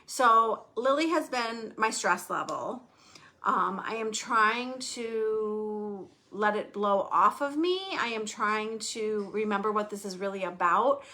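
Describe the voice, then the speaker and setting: A middle-aged woman hosts a casual podcast, chatting candidly and emotionally and rambling a little. Her medium-pitched voice is pushed and bright, and she takes things slowly.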